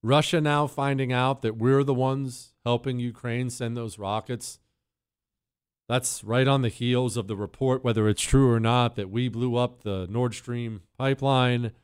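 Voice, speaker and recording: Talk radio guy ranting, sarcastic, jumps into goofy high voices, smooth clean voice, dry mic. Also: a little slow, dry recording. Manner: animated, sarcastic, jumps to high silly voices and sound effects. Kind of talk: opinionated casual monologue.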